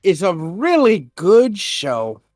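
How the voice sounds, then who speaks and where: A man's voice: sits high, wildly swooping pitch, slow pace, a little mellow, dry recording, clean studio sound, soft background music. A young man co-hosting a podcast, chatting casually with lots of laughter and swearing. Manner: laughing, profane, acts out characters' lines. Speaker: podcast co-host. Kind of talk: casual chat recapping an anime.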